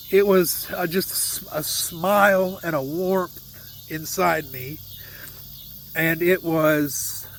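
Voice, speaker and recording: A man's voice: high voice, steady tone, slow pace, creaky, a bit bright. A man telling a personal faith story in an earnest, heartfelt and emotional way. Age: adult with a young son. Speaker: vlogger sharing a faith testimony.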